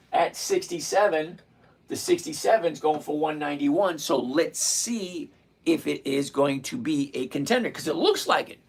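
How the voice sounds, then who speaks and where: Middle-aged male livestream trading host, blunt and plain-spoken, gravelly tone. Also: a little high. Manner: blunt, repeats points slowly. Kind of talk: live-streamed trading lesson answering chat.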